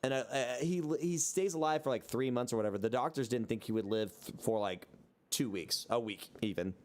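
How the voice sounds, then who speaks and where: A man's voice: medium pitch, fairly quick. Young male co-host, loose rambling storyteller, swears freely, mid-range voice. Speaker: podcast co-host. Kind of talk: casual chat.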